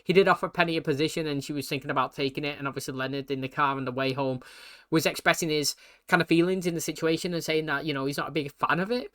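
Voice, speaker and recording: A British man talking fast and casually, full of slang and fillers, reacting to a TV episode for his channel. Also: on the high side, fairly even intonation, a bit bright.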